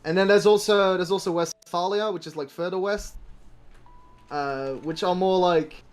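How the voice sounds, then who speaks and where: A man's voice: high voice, moderate pace, clear, resonant tone. A man co-hosting a casual livestream chat, talking loosely with many restarts and casual swearing.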